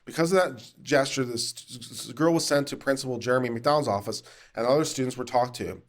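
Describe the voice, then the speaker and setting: Man, legal commentary host, reads article aloud, sarcastic asides, medium pitch. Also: a little fast. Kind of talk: reading news and commenting.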